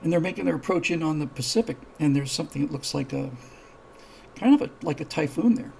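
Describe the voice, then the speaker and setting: Gravelly-voiced man spinning a rambling story. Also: on the high side, lively intonation, fast, darkish tone, slight background noise, poor audio. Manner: rambling, many restarts, acts out dialogue. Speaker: show host. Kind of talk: live-streamed casual storytelling.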